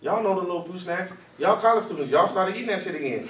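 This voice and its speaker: Lively high-voiced man speaking to students. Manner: animated storyteller, acts out voices and shouts. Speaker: motivational speaker. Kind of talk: live motivational talk to students. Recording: echoey hall from far off, faint noise.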